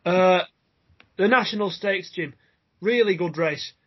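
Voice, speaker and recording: A man's voice: high-pitched, a little slow, breathy edge, muffled recording. A man hosting a racing podcast, reading out runners and odds in a jokey way. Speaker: podcast host. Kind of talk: casual racing podcast chat.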